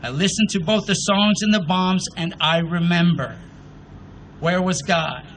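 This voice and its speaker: A man's voice: sits high, a bit bright, a little hiss or hum, pitched above the performer's own voice, low-quality recording. A man reading as a patient, loving God. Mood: tender. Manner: measured recitation. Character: patient loving male God addressing mourners. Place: outdoor memorial ceremony.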